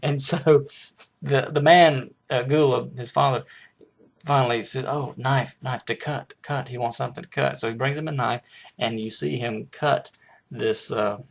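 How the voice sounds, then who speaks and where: A man's voice: medium pitch, steady tone, moderate pace, creaky. A man casually reviewing a film, rambling with frequent restarts and hesitations.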